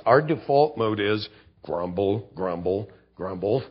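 A man preaching a sermon, telling scripture stories with animated delivery and reading passages aloud. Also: lowish voice, slow pace, slightly rough, muffled recording.

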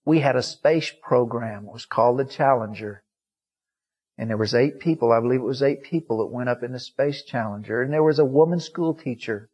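A man preaching a sermon as a pastor, telling a story and swinging from loud climaxes to hushed, quiet lines. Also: medium pitch, husky, highs cut off.

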